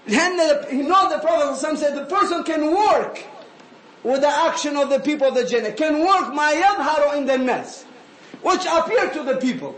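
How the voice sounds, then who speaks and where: A man giving an animated sermon, often calling listeners "habibi". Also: extremely high pitch, fairly quick. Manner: animated, switching between English and Arabic phrases, calling listeners "habibi". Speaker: preacher. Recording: echoey room with faint ambient noise.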